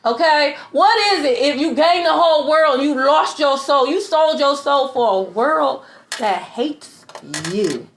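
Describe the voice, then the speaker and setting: A woman's voice: high-pitched, expressive, unhurried. A woman giving a spiritual tarot reading in a blunt, preachy way. She swears, laughs in scorn and keeps asking "okay?". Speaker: tarot reader.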